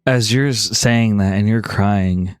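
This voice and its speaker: A man narrating calmly as game master of a tabletop role-play. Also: on the low side, smooth, no room sound, clean studio sound. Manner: calm, measured narration.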